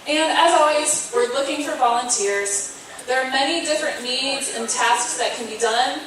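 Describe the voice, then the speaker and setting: Woman thanking a crowd at a fundraiser, kinda high voice, lots of um, super echoey hall far from the mic. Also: moderate pace, fairly bright tone, a little hiss or hum. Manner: earnest and grateful, with hesitant fillers. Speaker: volunteer speaking at a fundraiser. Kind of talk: thank-you speech to an audience. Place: indoor event hall at a fundraising concert.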